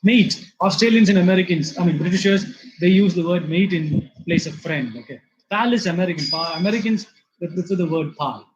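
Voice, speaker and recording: A man from India gives a vocabulary lecture in a high-pitched voice. He explains patiently, repeats his word lists and fills pauses with "uh" and "you know". The recording sounds dull and lo-fi. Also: slight background noise. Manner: explanatory, repeats words, many fillers. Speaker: English lecturer.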